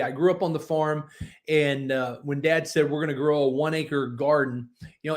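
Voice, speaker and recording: A man in his forties, a book publisher, teaching a workshop in a folksy, encouraging storytelling manner. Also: fairly high pitch. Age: 40s. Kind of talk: motivational workshop talk.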